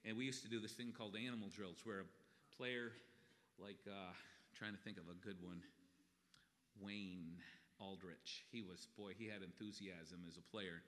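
A man's voice: sits low, steady tone, moderate pace, a bit bright. A middle-aged man preaching a sermon as a pastor in a folksy, conversational way. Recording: long reverb in a hall.

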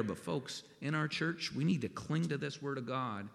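A man's voice: medium pitch, animated, normal speed, vocal fry, few pauses, fairly bright tone. A man preaching a sermon in a folksy, conversational way, often checking in with "okay?". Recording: long reverb of a large hall.

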